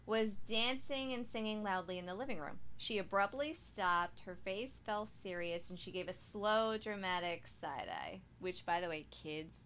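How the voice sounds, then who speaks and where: A woman co-hosts a chatty podcast, her voice bright and forceful. She reads listener stories aloud, stops to toss in asides, and laughs often. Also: medium pitch, lively intonation, moderate pace, few pauses, a little hiss or hum. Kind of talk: casual chat.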